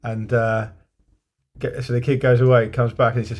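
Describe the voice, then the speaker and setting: A man in his thirties co-hosting a laid-back podcast, spinning anecdotes at an ordinary, middle pitch. He drops into little voices whenever he quotes someone, then settles back into easy chat. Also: level tone, normal speed. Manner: anecdotal storyteller, puts on voices when quoting people. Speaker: podcast co-host. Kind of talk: casual chat.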